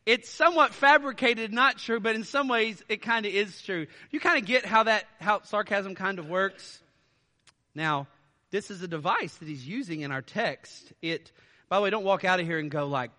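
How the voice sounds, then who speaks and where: A man preaching a sermon as pastor, animated and quick with sarcastic asides and laughter. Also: high-pitched. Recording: church hall reverb.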